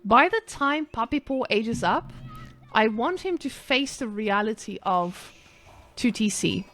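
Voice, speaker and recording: A woman esports caster, her voice fairly high and fairly bright with lively intonation, takes on the character of a brash South African guy to playfully cast a live strategy game. She talks a bit slowly in the put-on accent, with mock-hyped, joking cheers.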